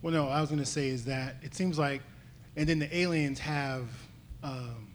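A man on a fan panel, animated as he gropes for the right words. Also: mid-range voice, normal speed, a little hiss or hum.

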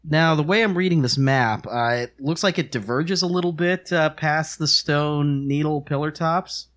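A man playing a tabletop game, speaking haltingly and stumbling over his words. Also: on the high side, a bit bright. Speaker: player.

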